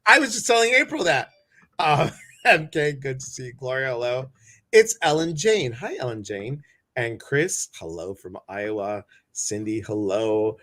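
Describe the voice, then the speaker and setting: A man's voice: medium pitch, expressive, unhurried, sharp tone. A man hosting a casual livestream chat, bubbly and sassy, greeting viewers by name. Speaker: livestream host.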